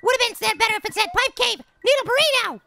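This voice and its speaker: Little Apple, squeaky cocky cartoon apple. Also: male voice, fast, pushed and bright, exaggerated voice. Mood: playful. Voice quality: squeaky, gravelly high voice. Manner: brash, jokey trash talk with slangy rhymes. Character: tiny cocky boastful boy apple. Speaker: game-playing cartoon character. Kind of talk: let's-play commentary in character. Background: game music.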